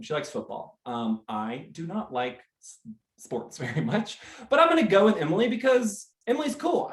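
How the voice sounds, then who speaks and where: An American man hosting a motivational live talk, energetic and animated, acting out little scenes as he speaks. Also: medium pitch, echoey room. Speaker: host.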